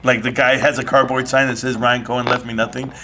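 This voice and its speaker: A man's voice: medium pitch, fast talker, background noise. A man hosting a live online audio chat, arguing brashly and teasing his caller in a heated casual debate. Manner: brash, mocking, animated. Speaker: live stream host.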